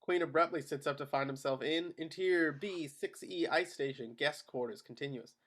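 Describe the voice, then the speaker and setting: A man narrating the stage directions of a screenplay at a table read in a steady, matter-of-fact way. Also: a little high, normal speed. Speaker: narrator of action lines.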